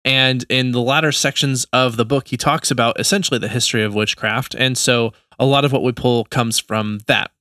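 Guy cohosting a podcast, bright forceful voice, dry close sound, chill and laughing a lot. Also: mid-range voice, no room sound. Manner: relaxed, laughs often, retells scenes. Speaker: podcast co-host. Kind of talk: casual podcast chat.

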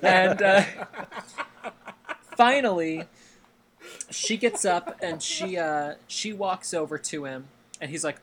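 A man's voice: high-pitched, slow, long pauses, a bit bright. A man hosting a casual podcast, telling a long anecdote with plenty of fillers and laughing along with his friends. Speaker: podcast host. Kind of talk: casual storytelling chat.

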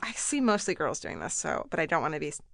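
A woman's voice: deep voice, huge pitch swings, fast, creaky, a bit bright, no echo, studio quality. A young woman co-hosting a casual podcast chat, blunt and opinionated, swearing freely. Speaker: podcast co-host.

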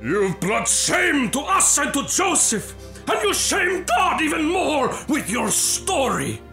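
A man voicing a stern, righteous middle-aged father who accuses his daughter, over soft music. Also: fairly low pitch, big pitch swings, normal speed, voice pushed down. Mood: furious. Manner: shouting, accusing.

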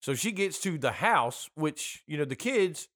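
Profane, joking man with a higher voice. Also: very animated, a little slow, a bit bright. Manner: profane, joking, acts out quotes. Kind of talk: casual movie discussion.

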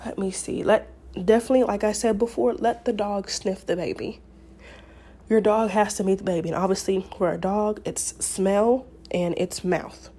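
Woman podcast host, relaxed mellow tone, chatty and rambling. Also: medium pitch, moderate pace, breathy edge. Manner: chatty, rambling, many fillers and restarts. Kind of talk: casual advice talk.

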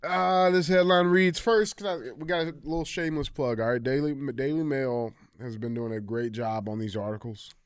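A man's voice: mid-range voice, fairly even intonation, fairly quick, few pauses, darkish tone, clear, resonant tone, no echo. A man co-hosting a casual studio podcast, laughing often and reading headlines aloud. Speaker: podcast co-host.

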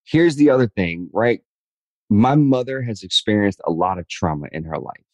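Guest, 30s man, very low voice, earnest candid interview talk, says man a lot, dry sound. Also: lively intonation, moderate pace, darkish tone, no echo, poor audio. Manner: earnest, repeats words, says man and dude. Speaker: podcast guest.

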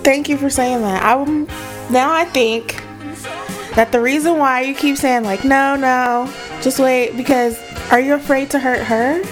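A woman with a high voice who speaks slowly and draws out her questions in casual podcast talk. Clear music sits underneath her. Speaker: podcast co-host. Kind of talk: casual banter.

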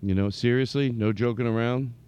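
A man hosting a comedy podcast, rambling through an improvised monologue and slipping between mock anger and silly falsetto singing. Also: steady tone, fairly quick, a little mellow, smooth.

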